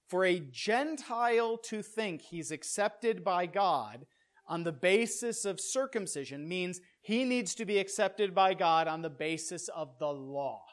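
A preacher walks a congregation through scripture in a loose, conversational way and keeps checking in with rhetorical questions. The delivery speeds up and slows down, and it gets louder or quieter to stress key points. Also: medium pitch. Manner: restarts phrases and repeats words when pressing a point; pace and loudness rise and fall for emphasis. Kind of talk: conversational sermon teaching.

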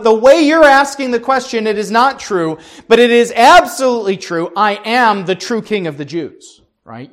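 High-voiced man reading and teaching scripture. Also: fairly bright tone. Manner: unscripted, with many fillers and restarts. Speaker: Bible teacher.

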